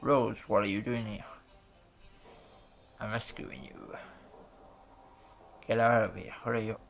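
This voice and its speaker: A man's voice: on the low side, fairly even intonation, takes it slowly, gravelly, faint music behind. A man reading the lines of a young male prisoner who urgently tells a rescuer to get away. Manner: urgent, protective.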